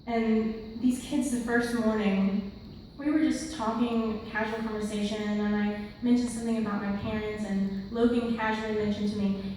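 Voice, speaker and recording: A woman's voice: medium pitch, little pitch movement, normal speed, darkish tone, slight background noise. A woman of twenty giving a church testimony, earnest and rambling with many fillers, close to tears. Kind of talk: mission trip testimony. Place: large church sanctuary. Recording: echoey hall from far off.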